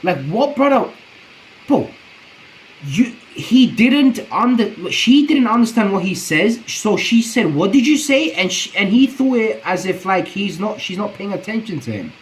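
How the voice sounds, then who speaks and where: A man's voice: high voice, sing-song, a little slow, slight background noise, poor audio. A man streaming his reaction to a video, talking in a rambling, profane, slang-heavy way. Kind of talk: casual reaction commentary.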